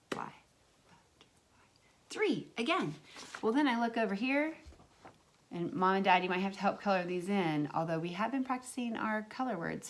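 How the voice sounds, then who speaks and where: A woman's voice: medium pitch, a little hiss or hum. A woman teaching a remote lesson to young children as their kindergarten teacher, drawing out words in a sing-song way.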